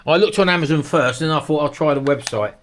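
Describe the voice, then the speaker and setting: A man's voice: a little high, quick pace. A middle-aged British man hosting a vlog, chatting casually and rambling to his viewers, whom he calls folks. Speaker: vlog host. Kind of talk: casual chat to camera.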